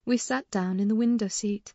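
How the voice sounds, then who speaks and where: A woman narrates a classic novel in the first person with a mellow, warm tone and measured, expressive delivery. She leans into the dialogue when characters speak. The sound is dry and a bit dull, a lo-fi close studio read. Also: medium pitch, no echo. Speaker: audiobook narrator.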